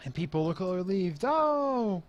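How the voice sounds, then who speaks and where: A man's voice: medium pitch, measured pace, dull audio. A man running a tabletop horror game, narrating with many fillers and restarts. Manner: hesitant, filler-heavy narration. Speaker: game master.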